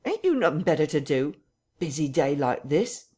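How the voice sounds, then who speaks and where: An audiobook narrator voicing a sharp-tongued country innkeeper's wife with scolding rustic speech. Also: mid-range voice, big pitch swings, normal speed, husky.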